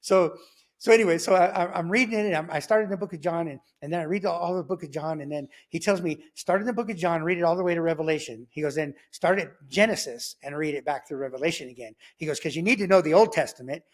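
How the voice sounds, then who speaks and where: A middle-aged man recounts his personal testimony. His voice sits fairly high for a man. He talks in an animated, rambling way, stumbling over restarts and acting out the voices he quotes. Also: fast. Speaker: testimony guest.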